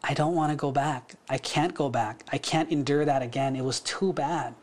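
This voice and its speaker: A man voicing a frightened sixteen-year-old prince who talks quietly and hesitantly to himself. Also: medium pitch, moderate pace, lightly acted. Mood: inward.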